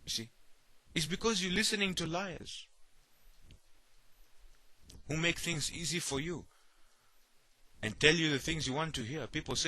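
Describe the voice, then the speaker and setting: A man's voice: a little high, measured pace, pauses often, sharp tone, dry recording. A man preaching a sermon, often repeating himself and asking "you see?", acting out the worried voices of others.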